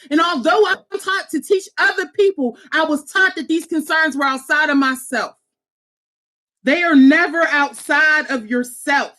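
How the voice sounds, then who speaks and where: Woman in her thirties, high voice, bright and forceful tone, impassioned, blunt, profane. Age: 30s. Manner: raw, emphatic, profane, fervent. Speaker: social worker and host. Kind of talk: impassioned personal talk.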